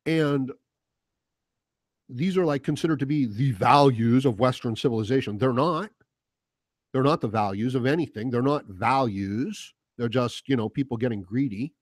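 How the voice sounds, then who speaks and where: A man's voice: medium pitch, moderate pace, no echo. A man hosting his own vlog, talking off the cuff in a blunt, sarcastic, rambling manner. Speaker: host. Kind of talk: opinion rant vlog.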